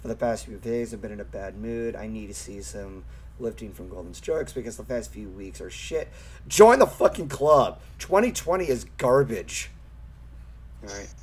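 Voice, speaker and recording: A young man streaming a game, chatting casually, swearing often and squealing with excitement at thrilling moments. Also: on the low side, normal speed, breathy edge. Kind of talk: casual gameplay commentary.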